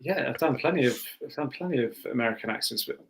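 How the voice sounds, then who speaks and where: A man's voice: mid-range voice, expressive, quick pace, gravelly, crowd noise. A male voice actor chatting as a podcast guest, rambling with restarts and self-mocking swears. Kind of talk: casual podcast chat.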